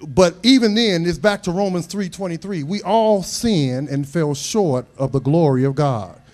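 High-voiced preacher, folksy and emphatic. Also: male voice, animated, unhurried, darkish tone. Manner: folksy, humorous storytelling that builds to emphatic preaching. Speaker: pastor. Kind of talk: sermon.

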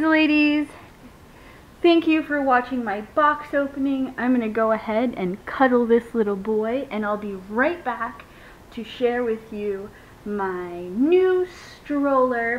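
In a dull, lo-fi home video with a faint rumble underneath, a young female vlogger opens a reborn doll. She keeps the chat casual, gushing to her viewers and breaking into squeals and laughter again and again.

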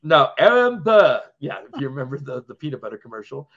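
A man's voice: medium pitch, sing-song, quick pace. A man co-hosting a podcast in casual chat, rambling from point to point and laughing often. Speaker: podcast co-host. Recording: dull lo-fi sound.

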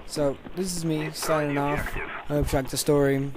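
A man telling a story in a casual, excited, rambling way over gameplay, restarting his sentences often. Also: on the high side, normal speed, heavy background noise. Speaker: gaming channel commentator.

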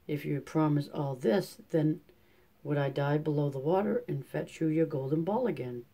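A man's voice: a little high, normal speed, dark tone. A man reading a storybook aloud, voicing an old male frog who is coaxing and insistent. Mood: bargaining.

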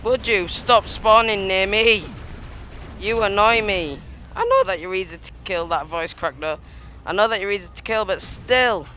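A man giving excitable, trash-talking commentary over his gameplay, laughing often. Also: high voice, normal speed, a little hiss or hum. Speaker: gaming YouTuber.

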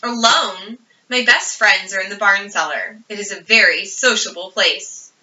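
A woman's voice: medium pitch, unhurried, pushed and bright. A woman voicing an eager, imaginative young farm girl who insists on her stories. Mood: earnest. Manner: earnest, insistent storytelling. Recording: roomy, distant, dull audio.

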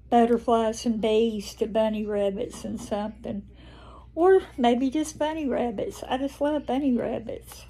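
Older Southern woman vlogger, slow and mellow, flat even delivery, tender homespun chat. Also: on the high side. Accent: Southern American. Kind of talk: casual chat to camera.

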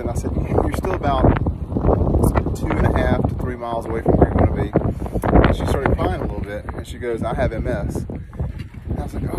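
A man who works as a nurse and teaches meditation, telling a personal story outdoors in an earnest, animated way that turns soft and slow when he guides a meditation. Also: mid-range voice, very noisy. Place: outdoors in a dry canyon.

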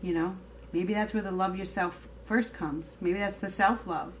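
A woman's voice: mid-range voice, fairly even intonation, moderate pace, slight background noise. Chatty woman giving a tarot reading. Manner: chatty, emphatic, swears casually. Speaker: tarot reader. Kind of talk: casual tarot reading to camera.

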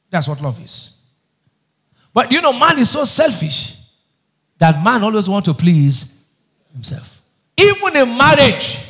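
Male pastor, higher register, emphatic sermon with call-and-response. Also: fairly bright tone. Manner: call-and-response questions to the congregation; emphatic preaching, often raising his voice.

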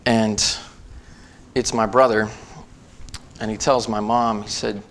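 A man's voice: fairly low pitch, level tone, slow, fairly bright tone, slight background noise. A man preaching in a church, telling a family story and then reading scripture aloud with rising emphasis. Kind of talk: sermon.

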